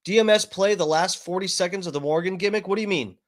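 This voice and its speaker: A man's voice: high-pitched, quick pace. A man streaming, telling a long story in a profane, rambling way with many fillers and restarts. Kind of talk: casual ranting story.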